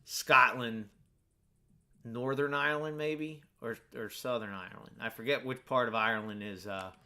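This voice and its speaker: Chatty American male streamer, rambling casual delivery, bright tone, keyboard typing in background. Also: mid-range voice, moderate pace. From United States. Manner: rambling, chatty, full of fillers. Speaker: gaming streamer. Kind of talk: casual chat while playing a game.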